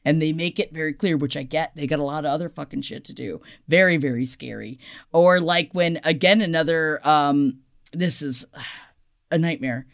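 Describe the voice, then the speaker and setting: A woman co-hosting a casual pop-culture podcast. She talks in a chatty, profane way and swings between loud and soft. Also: low-pitched, normal speed, gravelly. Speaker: podcast co-host.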